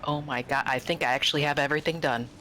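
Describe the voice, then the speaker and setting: A woman's voice: low voice, steady tone, fast talker, pushed and bright, soft background music. A woman chatting with friends during a game stream, cheerful and teasing. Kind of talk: casual chat.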